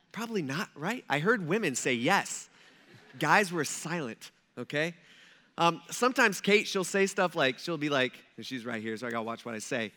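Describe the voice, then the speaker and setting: A pastor gives a sermon in a high, bright voice. He talks to the congregation casually, slipping in joking asides and quick questions. The talk has the loose feel of a conversation, not a formal address.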